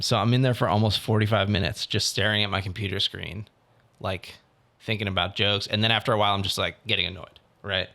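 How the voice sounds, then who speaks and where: A young man co-hosting a podcast, telling a story in a casual, animated way and acting out what other people said. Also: on the low side, gravelly. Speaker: podcast co-host. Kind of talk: casual chat.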